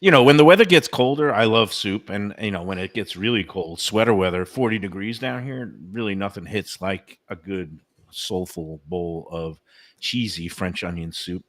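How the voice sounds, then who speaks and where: A lower-pitched man hosting a food talk show, enthusiastic and chatty as he hands out dining tips. His voice sounds dry and close, with little room sound. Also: moderate pace, dry recording. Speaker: food radio host. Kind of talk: casual food talk and read ads.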